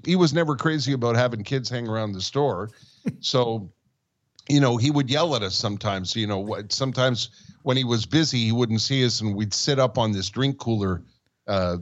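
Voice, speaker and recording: A man in his sixties from Montreal, Canada, co-hosts a podcast in a casual storytelling chat, speaking at a medium pitch over dull audio. He tells rambling stories from his childhood and laughs along the way.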